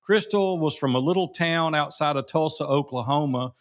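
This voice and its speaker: Middle-aged man, podcast co-host, lively storyteller, laughs easily, casual, home office. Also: on the high side, moderate pace. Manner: animated anecdote telling, laughs easily.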